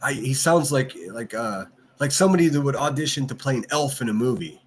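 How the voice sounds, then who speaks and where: A man's voice: medium pitch, lively intonation, fairly quick, a little hiss or hum. Profane, ranting man on a livestream. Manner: reads and answers chat. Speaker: livestream host. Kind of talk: casual livestream commentary.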